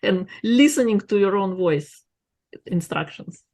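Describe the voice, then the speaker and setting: A woman's voice: mid-range voice, expressive, a little slow, a little mellow. A woman hosting a podcast, encouraging her guest in casual talk with slightly uneven phrasing. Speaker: podcast host.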